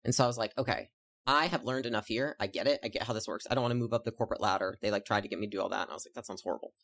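A young woman, an entrepreneur guest, chatting casually and telling her story in quick, rambling sentences full of fillers. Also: very deep voice, fairly bright tone. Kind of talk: casual interview chat.

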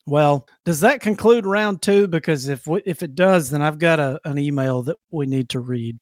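A man co-hosting a casual sports podcast, animated and quick to exclaim and laugh. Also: a little high, dry recording, studio quality. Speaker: podcast co-host.

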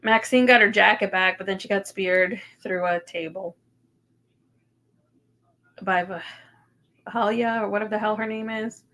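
A woman's voice: mid-range voice, steady tone, moderate pace, pauses often, fairly bright tone. A woman in her thirties co-hosting a casual podcast, chatty, full of ums and casual swearing. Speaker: podcast co-host. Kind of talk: casual chat recap.

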